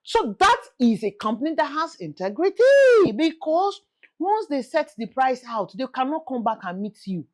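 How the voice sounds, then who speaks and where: A young Nigerian woman with a Nigerian accent, hosting a casual real estate talk, pleading and animated, slipping in Yoruba phrases. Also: high voice, normal speed. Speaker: real estate vlogger host. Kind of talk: casual chat to camera.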